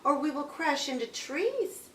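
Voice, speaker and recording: Lady putting on a high little bat girl voice, squeaky, storybook feel. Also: sing-song, measured pace, fairly bright tone, slight background noise, full character voice. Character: young female bat, timid then eager. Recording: roomy, a bit distant.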